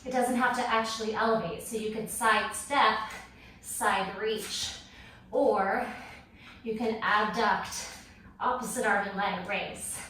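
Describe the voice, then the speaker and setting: A woman fitness instructor, out of breath, paces her short exercise cues slowly in a slightly high voice. She sounds far from the microphone, in a very echoey room with a faint hiss behind her. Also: steady tone, fairly bright tone. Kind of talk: workout class cueing. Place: home workout space.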